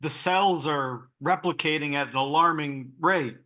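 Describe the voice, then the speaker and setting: A man improvises a comedy scene, playfully switching into character voices. His voice is bright and fairly high. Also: a little slow. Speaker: improv performer.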